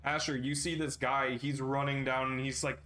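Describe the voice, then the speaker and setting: A man narrating a tabletop game as game master, relaxed and with many fillers. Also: mid-range voice, normal speed, slight background noise.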